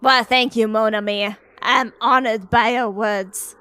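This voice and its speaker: A woman putting on a suave gentleman dove with a French lilt. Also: on the high side, fairly even intonation, a little slow, smooth, no room sound, studio quality. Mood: smooth courtly. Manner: courtly, with a put-on French accent. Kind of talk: live-streamed game reading.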